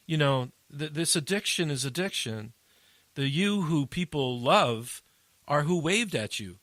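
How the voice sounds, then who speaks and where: Man, podcast host, animated storyteller, bright tense voice, dry close sound. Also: measured pace, no room sound. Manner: animated storyteller, rises high when telling funny parts. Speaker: addiction interventionist, podcast host. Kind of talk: casual storytelling chat.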